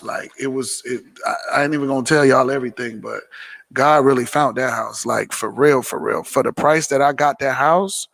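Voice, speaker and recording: A man hosting a casual live Q&A, talking in an animated, slangy, repetitive way. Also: medium pitch, vocal fry. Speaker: host of a live Q&A. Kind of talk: casual live-stream chat.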